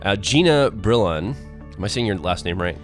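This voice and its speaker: A man's voice: lowish voice, expressive, moderate pace, faint music behind. A man hosting a podcast, introducing a guest in a rambling, filler-heavy way. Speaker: podcast host. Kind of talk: casual interview chat. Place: home recording.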